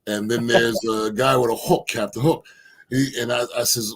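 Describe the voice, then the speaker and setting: Speaking at a moderate pace in a husky, medium-pitched voice, this Philadelphia man is a former basketball player guesting on a casual storytelling interview. He tells his stories animatedly, acting out the quotes.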